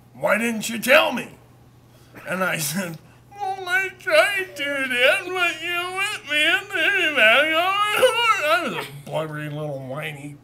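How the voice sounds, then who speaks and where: A man tells a long childhood story to a camera that a friend holds, rambling along and poking fun at himself. His voice sits slightly high and comes across bright and forceful, and he keeps circling back with easy asides. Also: a little hiss or hum. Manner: rambling and self-deprecating, with repeated "so anyway". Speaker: vlogger telling a childhood story. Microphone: camera held by a friend.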